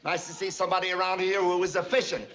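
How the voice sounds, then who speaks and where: A man's voice: high voice, flat delivery, crowd noise, close to an everyday voice. A man playing a brash barking efficiency boss. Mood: brisk. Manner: rapid-fire, barking orders, repeats words. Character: brash, bossy male efficiency-obsessed businessman. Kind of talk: 1960s sitcom acting. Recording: dull old TV audio, noisy.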